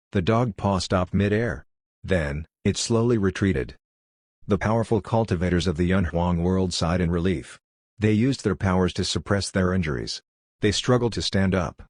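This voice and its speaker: A man narrating an audiobook in a steady, matter-of-fact storytelling manner. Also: low voice, no echo, studio quality.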